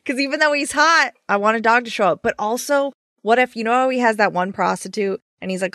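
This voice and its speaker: A woman's voice: mid-range voice, brisk, a bit bright, no echo, clean studio sound. Wry woman making joking asides. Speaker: podcast guest. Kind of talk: casual film discussion.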